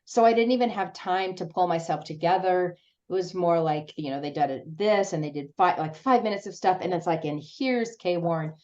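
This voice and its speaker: A woman speaking to a support group as guest, telling a personal story in an earnest, halting way with many restarts. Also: fairly low pitch, darkish tone, muffled recording.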